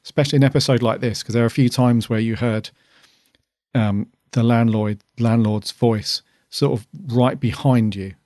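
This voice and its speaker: In clean studio sound with no room echo, a male podcast co-host with a medium-pitched, steady, darkish voice talks at a moderate pace. He chats casually and rambles with lots of ums while reviewing an episode.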